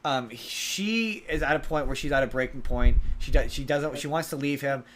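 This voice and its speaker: Recapping a movie on a podcast, this male co-host rambles, restarting often, saying um a lot, and performing quotes. He speaks at normal speed with a medium pitch, on a low-quality recording with slight background noise.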